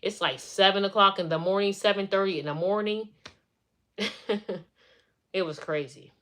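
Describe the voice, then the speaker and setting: A woman's voice: mid-range voice, moderate pace, fairly bright tone. A middle-aged woman chatting on a live stream, venting as she retells family drama in a casual way.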